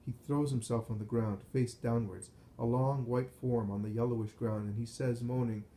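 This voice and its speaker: Solemn male narrator, mellow voice. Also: mid-range voice, fairly even intonation, low-quality recording. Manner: measured, solemn reading. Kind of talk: scripted first-person narration of a visionary text.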